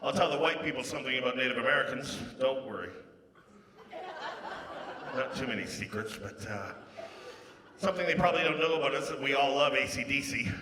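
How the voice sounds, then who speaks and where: A man from Canada doing a stand-up comedy set, breaking into loud sung and acted bits. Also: mid-range voice, animated, brisk, pauses often. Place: large casino showroom with a live audience. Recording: echoey live hall, crowd. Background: audience laughter.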